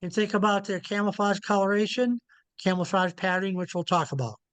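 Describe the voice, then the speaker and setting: A man's voice: sits high, fairly even intonation, fairly quick, fairly bright tone, clear, resonant tone, no room sound. A middle-aged man, an owl researcher, giving a casual, folksy online lecture that keeps returning to its key points. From Montana. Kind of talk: informal illustrated lecture.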